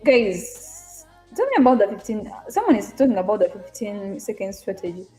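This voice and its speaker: Young East African woman, live-stream host, chatty and direct with her audience, mellow tone. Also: mid-range voice, sing-song, moderate pace, soft background music. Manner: chatty, greets viewers by name and reads comments aloud. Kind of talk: casual live-stream chat.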